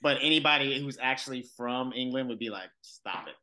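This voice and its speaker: A man's voice: mid-range voice, fairly even intonation, fast, sharp tone. A man co-hosting a podcast as a comedian, chatting casually and laid-back with lots of fillers. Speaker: podcast co-host. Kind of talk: casual chat.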